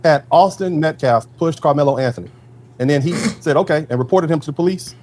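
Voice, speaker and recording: A man arguing his point in a debate, speaking quickly in a fairly high voice. Faint room ambience sits behind him. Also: darkish tone, slight background noise. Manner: argumentative, eager to make a point. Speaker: commentator in a played clip. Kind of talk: panel debate.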